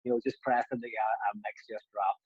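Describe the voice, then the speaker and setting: A young former footballer, now a podcast co-host, tells a rambling story in casual chat, laughing often and restarting sentences. His voice is on the low side and husky, with a flat delivery at a quick pace, in a dull, lo-fi recording.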